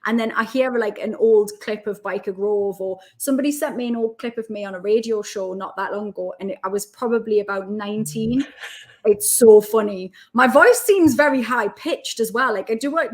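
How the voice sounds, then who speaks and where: A woman in her thirties from Newcastle with a Geordie accent, chatting as a podcast guest and telling stories in a lively way. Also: medium pitch, normal speed. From Newcastle, England. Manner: chatty, animated storytelling. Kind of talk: casual chat.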